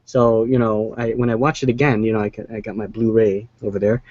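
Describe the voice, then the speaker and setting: A man's voice: fairly low pitch, flat delivery, a little fast, a little mellow, dull audio. Rambling man chatting about movies. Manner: rambling, hesitant with restarts. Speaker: co-host. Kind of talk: casual movie chat.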